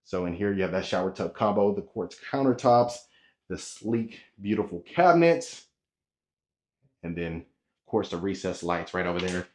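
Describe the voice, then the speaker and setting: A man's voice: sits low, lively intonation, normal speed, a little mellow. A man hosting a casual walking tour of a model home, chatty and salesy, talking straight to his viewers. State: a bit out of breath. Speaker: real estate tour host. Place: inside and around a model home.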